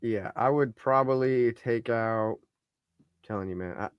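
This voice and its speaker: Against crowd noise and dull audio, a mid-range male voice speaks at a measured pace. He's co-hosting a casual sports stream, talking trades through in a simulator and trailing into mumbles.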